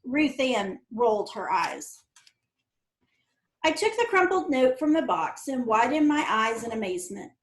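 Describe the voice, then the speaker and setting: A woman narrates a novel aloud in first person, her voice fairly high and lively in its storytelling. The reading carries a roomy echo. She keeps the pace of a children's book. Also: unhurried. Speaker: audiobook reader.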